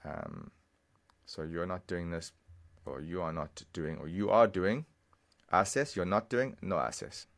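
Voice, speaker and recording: A man with a low-pitched voice and vocal fry gives a language lesson over a screen recording. He takes it step by step, explaining patiently and repeating phrases slowly.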